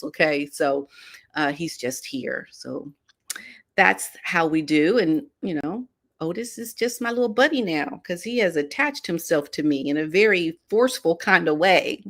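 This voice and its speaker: A middle-aged woman hosting a casual livestream chat from home, relaxed and chatty with playful asides. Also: sits low. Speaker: host.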